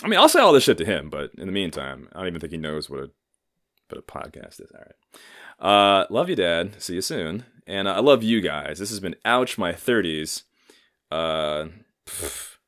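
A man's voice: low voice, a bit bright. A man in his thirties hosting a casual solo podcast, rambling and swearing freely while joking at his own expense. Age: 30s. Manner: profane, rambling, self-mocking jokester. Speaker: podcast host.

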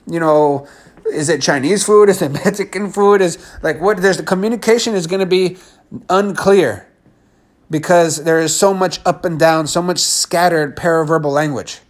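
A man teaching leadership communication in an energetic, emphatic way, acting out shifts in tone as he explains. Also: high-pitched, normal speed. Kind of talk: teaching talk to camera.

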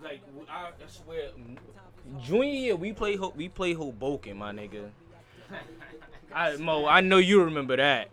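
A man in casual podcast chat, spinning slangy, profane stories with animated punch. His voice sits a little high for a man. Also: normal speed.

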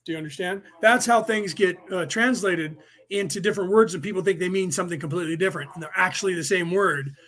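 A man with a high-pitched, fast, slightly bright voice hosts a livestreamed class as a podcast host. His casual lecture rambles, doubles back on itself, and includes words spelled out letter by letter.

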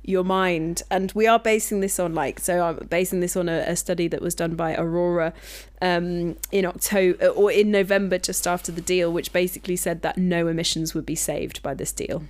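A woman's voice: fairly low pitch, fairly even intonation, moderate pace, few pauses, darkish tone. A woman co-hosting a casual podcast chat, blunt and swearing as she explains policy with conviction. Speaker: podcast co-host.

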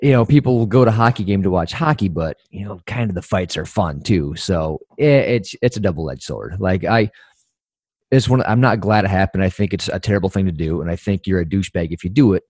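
A man in casual podcast chat, relaxed and reflective, mildly crude. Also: low voice, a little fast, no echo, clean studio sound.

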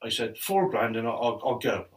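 A man's voice: mid-range voice, moderate pace. Laughing man telling stories. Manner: laughs often, animated anecdotes, quotes others. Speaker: former footballer telling stories. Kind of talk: casual storytelling chat. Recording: distant mic with faint noise.

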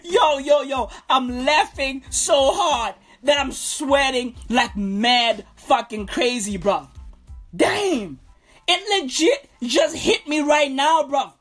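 A woman ranting comedically in an animated, profane way. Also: sits high, takes it slowly, faint music behind. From South Africa. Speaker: comedic vlogger. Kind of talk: comedic rant.

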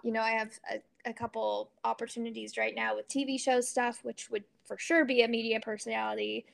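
A woman's voice: on the high side, flat delivery, fairly quick, gravelly. A woman in her twenties from Oregon, a golfer and influencer, chatting casually and upbeat as an interview guest, laughing often.

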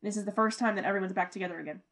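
A young woman co-hosting a podcast in casual chat, animated, laughing often and swearing freely. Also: medium pitch, rapid-fire. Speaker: podcast co-host.

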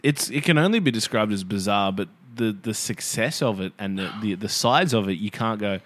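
Young man, podcast co-host, wry and jokey, low-pitched. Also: lively intonation, moderate pace, a bit bright. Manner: wry, laughs often, jokey asides. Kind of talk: casual chat.

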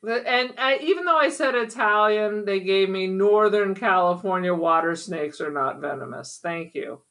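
A woman's voice: mid-range voice, lively intonation, moderate pace, fairly bright tone. A woman co-hosting a podcast, chatting casually with wry, sarcastic humor. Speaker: podcast co-host. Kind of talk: casual chat.

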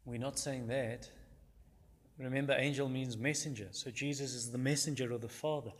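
A man preaching a sermon, constantly citing verse references and acting out the quoted voices with sudden jumps in pitch and volume. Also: fairly even intonation, normal speed.

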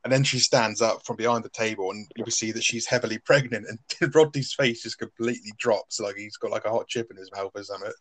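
A man's voice: fairly low pitch, fairly even intonation, fast talker, hardly any pauses, a bit bright, dry recording. A man chatting casually on a podcast, rambling with lots of fillers. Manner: rambling, filler-heavy, laughs often. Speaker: podcast co-host. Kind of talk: casual chat recapping a sitcom episode.

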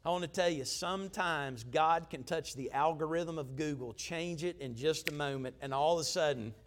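A man, a pastor preaching a storytelling sermon in an emphatic, conversational way, swinging between loud and quiet. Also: on the high side, normal speed.

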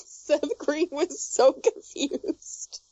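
A woman's voice: high voice, lively intonation, very slow, mellow, dry recording, lo-fi sound. A woman on a podcast telling a story in casual chat, laughing often and swearing freely. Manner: laughs often through her story, loose and profane.

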